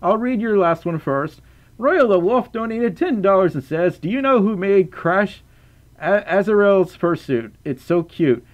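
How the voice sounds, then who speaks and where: A man's voice: high voice, lively intonation, a little slow, highs cut off. A young man chatting casually on a livestream, reading out chat and donations with playful stammers and restarts.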